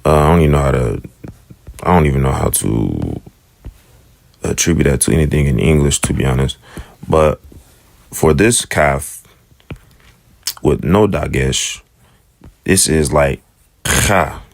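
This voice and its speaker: Casual teacher, man, slow and unhurried, deep rough voice, thinks out loud. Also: animated. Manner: thinking aloud, repeating sounds slowly. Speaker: self-taught Hebrew teacher. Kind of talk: casual screen-share lesson.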